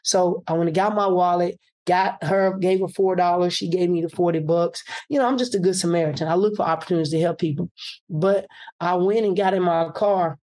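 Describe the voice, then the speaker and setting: A man, a political candidate telling a personal story in an animated way and acting out the voices he quotes. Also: high-pitched, a little fast.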